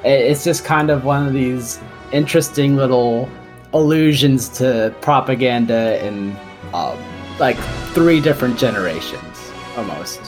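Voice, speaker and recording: A man's voice: mid-range voice, measured pace, soft background music. A young man co-hosting a podcast, thinking aloud about a film with frequent uhs and restarts. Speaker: podcast co-host. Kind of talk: casual film discussion.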